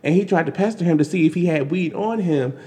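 A man giving casual, animated commentary on news, exasperated and full of restarts and fillers. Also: on the high side, fast talker. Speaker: commentary vlogger. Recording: long hall reverb.

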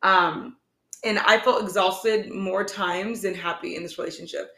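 A young woman co-hosts a relationship podcast, speaking in an earnest, rambling way and leaning heavily on "like". Her voice sits at a middling pitch. The room around her rings with a noticeable echo. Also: fairly even intonation, unhurried, fairly bright tone. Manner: earnest, rambling, heavy use of "like". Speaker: podcast co-host. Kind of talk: casual chat. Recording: echoey room.

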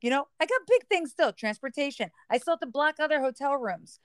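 A woman's voice: high voice, lively intonation, a little fast, dry recording. A woman, the bride, chatting casually and teasing her maid of honor. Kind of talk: casual chat.

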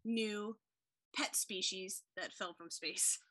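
A woman co-hosting a podcast in casual chat, quick and eager, often laughing. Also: medium pitch, fairly even intonation, pushed and bright. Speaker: podcast co-host.

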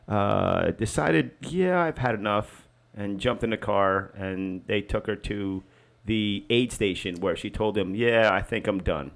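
A man's voice: lowish voice, creaky. A man co-hosting a casual comedy podcast, telling stories with jokes, swearing and frequent laughter. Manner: joking, profane storyteller who laughs often. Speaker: podcast co-host.

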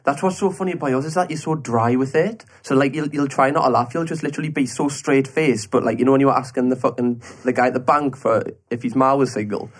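A young man hosts a podcast and fires off loose, sweary questions. His voice is husky. He talks fast. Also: mid-range voice. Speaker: podcast host. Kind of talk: casual interview chat.

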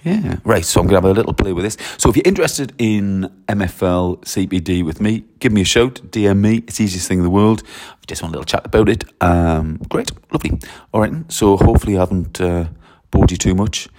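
Talking fast in a low voice with a darkish tone, a man casually walks the camera through how he teaches French. His manner is eager and talkative, and he reads out example sentences in French.

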